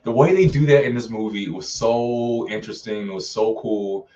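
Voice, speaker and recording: A man's voice: lowish voice, moderate pace, warm tone, recorded from a distance, highs cut off, a little hiss or hum. A man reviewing films in a casual live stream, chatty and full of fillers, often acting out characters' lines. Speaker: film reviewer.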